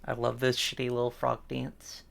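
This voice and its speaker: A man's voice: medium pitch, monotone, moderate pace, creaky, fairly bright tone. A man with a Midwestern American accent chatting casually on a livestream, musing and playful. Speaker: streamer.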